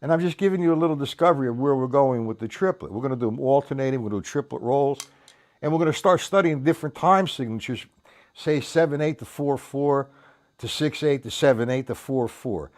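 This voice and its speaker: A man's voice: mid-range voice, a little fast, darkish tone. A man giving a casual drum lesson. He counts beats aloud and talks in loose, restarting sentences, dropping in "man" here and there. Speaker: drum teacher.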